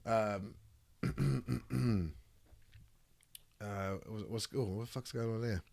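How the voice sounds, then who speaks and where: A man with a raspy voice from a cold, chatting casually on a live stream and reading chat aloud. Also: on the low side, very slow, darkish tone, dry recording. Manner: reads chat aloud, rambling and swearing. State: ill with a cold, raspy throat. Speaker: streamer hosting a debate.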